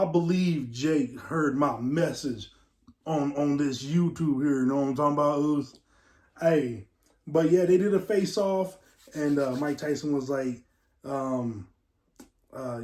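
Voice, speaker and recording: Male host, digressive casual chat, unhurried, echoey room. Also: on the high side, darkish tone. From West Texas. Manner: rambling, digressive, talks straight to viewers. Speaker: show host. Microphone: camera mic.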